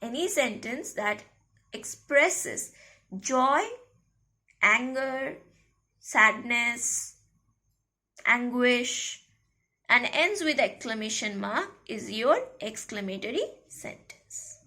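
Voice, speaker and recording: A woman teaches a school grammar lesson in a high, bright voice. She says each key phrase twice, slowly, and keeps checking with the class. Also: lively intonation.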